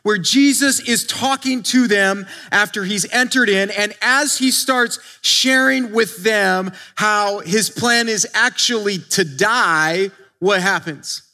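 Guy pastor preaching, high bright voice, chatty, lots of restarts. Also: slow pace. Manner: conversational, with many restarts and acted-out quotes. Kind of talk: sermon.

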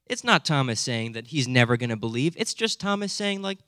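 A young man preaching with animated, conversational energy, regularly tossing quick asides to his listeners. His voice sits at an ordinary middle pitch, and the recording is close and dry, with no room echo. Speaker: pastor. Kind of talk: sermon.

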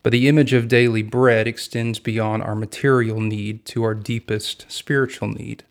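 A man hosting a daily podcast, reading scripture and explaining it in a measured, earnest way. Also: mid-range voice, flat delivery. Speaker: podcast host and Bible teacher. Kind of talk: scripted devotional Bible teaching.

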